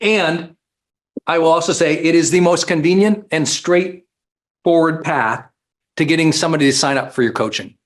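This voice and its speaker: A man who works as a life coach, giving an animated, emphatic seminar talk and repeating phrases for effect. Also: fairly high pitch, normal speed.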